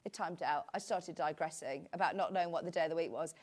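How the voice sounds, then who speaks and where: A woman's voice: fairly low pitch, fast talker, a little mellow. A British woman presenting a live shopping show, chatting in a rambling, friendly way with asides. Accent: British English. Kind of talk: live sales chat.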